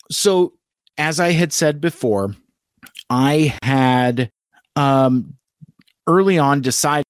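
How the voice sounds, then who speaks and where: Halting, rambling man in a dry, close recording. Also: medium pitch, no room sound. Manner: rambling, halting, many fillers and restarts. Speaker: toy reviewer and stream host. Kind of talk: casual live-stream review chat.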